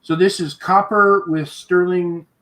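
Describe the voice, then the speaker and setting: A man's voice: high-pitched, steady tone, a bit bright. Man calling bids at a live auction. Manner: brisk, repetitive bid-calling with chuckles. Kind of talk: live online auction patter.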